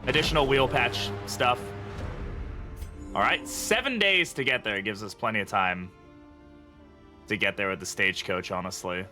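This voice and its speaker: A man's voice: on the low side, moderate pace, pauses often, bright, forceful tone, soft background music. A man from the UK giving casual, chatty gameplay commentary while streaming, thinking aloud and chuckling often. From United Kingdom.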